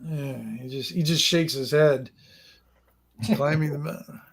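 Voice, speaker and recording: Man, game master, tabletop game narration, rambling, halting, fairly high voice. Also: steady tone, a bit bright. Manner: rambling, halting, many fillers.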